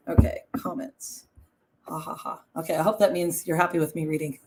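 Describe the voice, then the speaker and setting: A woman's voice: fairly low pitch, animated, fairly quick, gravelly. A woman hosting a casual livestream, reading a folk story aloud and breaking off with self-deprecating asides to her viewers. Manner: reads aloud with frequent off-script comments. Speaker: host.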